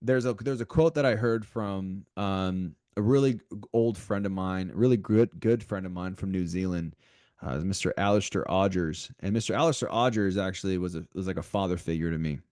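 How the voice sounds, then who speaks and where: Casting: male podcast co-host, very low voice, dry close sound, animated motivational chat. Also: a little fast, no echo. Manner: animated, repeats himself, talks straight to listeners.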